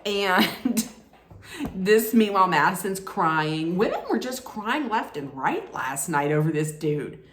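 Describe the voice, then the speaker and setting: A woman's voice: lowish voice, very animated, takes it slowly. A woman recapping a reality show in a casual, sarcastic way, laughing at her own jokes. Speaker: recap vlogger. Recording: echoey room.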